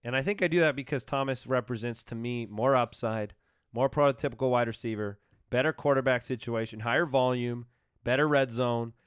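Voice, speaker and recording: A man hosting a sports podcast in easy, joking chat. He sits at a middle pitch, and the sound is close and dry with no room around him. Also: fairly quick, smooth, no room sound. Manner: joking, reads listener questions. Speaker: podcast host.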